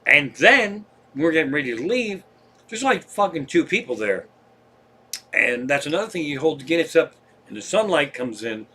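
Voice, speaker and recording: A middle-aged man with a Pennsylvania accent, a comedian telling a profane, animated story on a live stream. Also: on the high side, normal speed, breathy edge.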